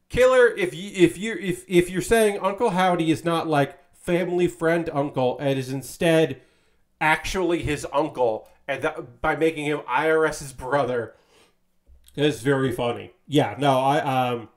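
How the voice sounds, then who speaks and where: A man streaming, casually chatting while he builds a model kit, rambling with lots of fillers and a bit of swearing. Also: on the high side.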